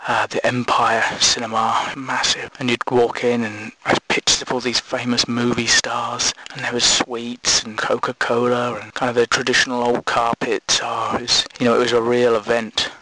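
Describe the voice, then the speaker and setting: A man voicing a bitter, crude middle-aged man in his fifties who rambles in a slow, deadpan way. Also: medium pitch, a little hiss or hum, pitched below the performer's own voice, lightly acted, rough recording. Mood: rambling. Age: 50s.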